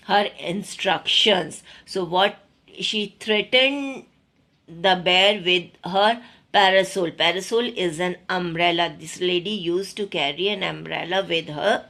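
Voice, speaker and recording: An Indian woman with a fairly low voice goes through a school reading lesson. She reads the story aloud and then retells each part more simply, slipping into Hindi at times. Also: takes it slowly, fairly bright tone. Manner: reads a line, then explains it again in simpler words, mixing in Hindi. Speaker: teacher. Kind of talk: explaining a textbook story in class.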